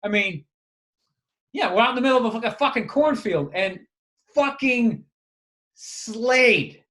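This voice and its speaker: A man with a fairly high voice, talking loosely on a podcast mic. He circles around his point with restarts and casual swearing. He sounds relaxed and conversational. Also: normal speed. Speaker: comedian and podcast co-host. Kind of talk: casual chat.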